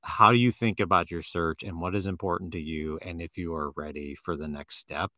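A man with a very low yet bright, forceful voice co-hosts a podcast in loose casual chat. He jokes, laughs easily and leans on fillers. The sound is close and dry. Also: fairly even intonation, fairly quick, dry recording. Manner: jokey, laughs often, filler-heavy. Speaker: podcast co-host.

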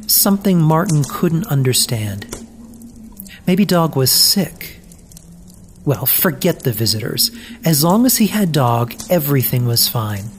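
Slow gentle storybook reading, lots of pauses, faint hiss in the background. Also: medium pitch. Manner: gentle, deliberate, with mournful pauses. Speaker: narrator.

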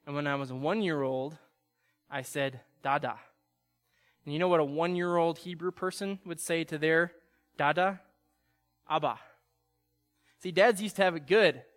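A man's voice: fairly high pitch, steady tone, moderate pace, soft background music. A young man preaching an earnest sermon as a pastor, his voice carried by a long church reverb. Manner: earnest, builds to pleading intensity.

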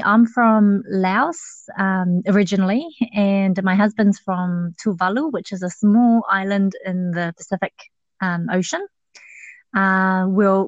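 A woman's voice: medium pitch, no room sound. Chatty Kiwi woman on a dull call. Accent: New Zealand. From New Zealand. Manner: chatty, many fillers and restarts. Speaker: podcast guest. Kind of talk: casual interview chat.

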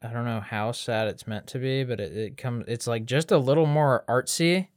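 A man in casual movie chat, talking with wry deadpan asides that sometimes burst into loud mock outrage. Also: mid-range voice, normal speed, no echo, clean studio sound.

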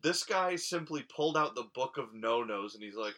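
Sarcastic man with a bright voice. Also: mid-range voice, lively intonation, moderate pace. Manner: sarcastic, mocks the contestants in quoted voices. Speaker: podcast co-host. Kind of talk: casual chat recapping a reality show.

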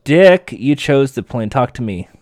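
A man voicing a menacing male villain who taunts his enemy in a quiet, measured way while recapping a show. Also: medium pitch, sing-song, no echo, studio quality. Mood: sinister.

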